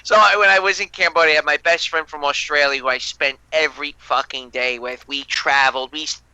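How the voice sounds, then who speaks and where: A male guest in a casual chat, crude and excitable, often mimicking other people's voices. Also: a little high, fairly quick, clean tone, no room sound, poor audio. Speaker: guest, channel founder.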